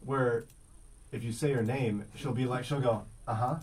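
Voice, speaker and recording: Morning radio host, man, husky, mid-range, deadpan teasing. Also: mid-range voice, moderate pace. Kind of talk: casual morning radio banter.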